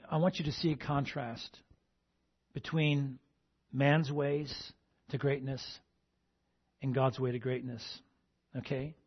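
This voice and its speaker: Husky male pastor preaching. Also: mid-range voice, dull audio. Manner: call-and-response, repeating "amen?" to the congregation. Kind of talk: sermon.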